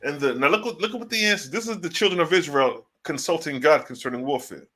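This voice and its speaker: A man streams a loose, slangy commentary on scripture, breaking his readings with pointed rhetorical questions. His voice sits a little high and comes across bright and edgy, with a preachy, conversational push. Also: animated, quick pace. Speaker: online religious teacher. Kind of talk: casual livestream Bible commentary.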